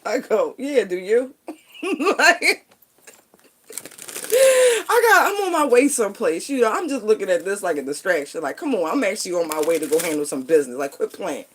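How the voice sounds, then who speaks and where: A woman's voice: mid-range voice, big pitch swings, moderate pace, long pauses, breathy edge. A middle-aged woman vlogging, telling stories casually in a loose, playful way and laughing often. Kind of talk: casual storytelling monologue.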